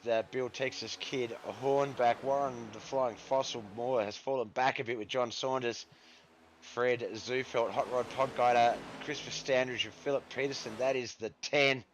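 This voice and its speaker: A man's voice: mid-range voice, fairly bright tone, a little hiss or hum. A man hosting a live stream, giving casual commentary on a racing league and chatting with viewers in the chat, whom he calls brother. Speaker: stream host and race commentator.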